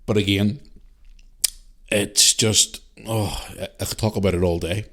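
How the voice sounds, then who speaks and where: This is a man with a low, deep voice talking through a solo podcast episode. He rambles casually as he answers listener emails, repeating himself, restarting sentences and swearing bluntly. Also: fairly even intonation, unhurried. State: parent, a single dad. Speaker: podcast host.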